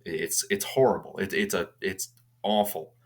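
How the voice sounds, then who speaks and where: A man's voice: low voice, steady tone, normal speed. A young man casually retelling a horror movie's plot, rambling with frequent restarts and fillers. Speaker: movie reviewer.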